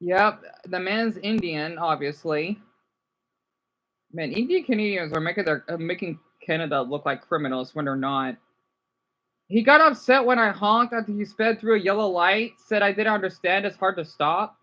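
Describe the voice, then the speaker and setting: Rambling male streamer, lo-fi mic. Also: normal speed. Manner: chatty, rambling, animated swings in pitch. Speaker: streamer reacting to viewer comments. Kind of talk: casual live-stream reaction chat. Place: home room, keeping voice down.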